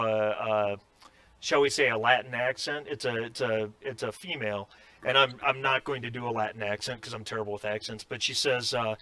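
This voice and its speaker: Guy running a tabletop game, lots of ums, bright dry voice. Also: medium pitch, dry recording. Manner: halting, many fillers and restarts. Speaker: game master.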